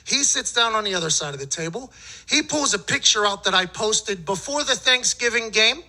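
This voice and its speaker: A man's voice: high voice, brisk, low-quality recording. A man and former football punter telling a story in casual chat, profane and laughing as he goes. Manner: profane, laughing, animated retelling.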